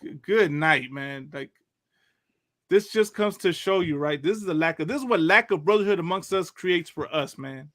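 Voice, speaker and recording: A man's voice: fairly high pitch, animated, normal speed, a bit bright, no echo, clean studio sound. A man hosting a casual religious talk show, loose and chatty, often laughing and asking "you know what I mean". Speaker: radio show host.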